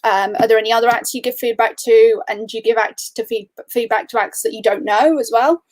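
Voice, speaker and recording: A woman's voice: a little high, steady tone, fairly quick. A woman hosting a casual podcast, asking questions in a friendly, easy-going way. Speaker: podcast host.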